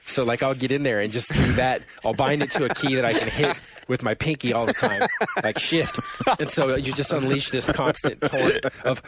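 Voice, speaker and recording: A man's voice: medium pitch, moderate pace, a bit bright, slight background noise. A man on a gaming podcast, talking casually in a rambling way, laughing often and acting out lines from games. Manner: rambling, laughs often, acts out game taunts. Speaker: podcast co-host. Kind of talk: casual chat about video games.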